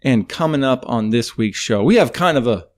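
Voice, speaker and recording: A man's voice: mid-range voice, expressive, normal speed. A man co-hosting a laid-back podcast, running through an upbeat scripted opening in a middling voice. He slips into loose asides and chat with his co-host between the scripted parts.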